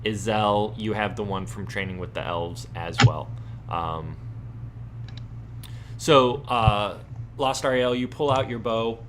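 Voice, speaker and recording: A man narrating as game master of a tabletop game, halting and full of ums and likes. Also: lowish voice, a bit bright, slight background noise.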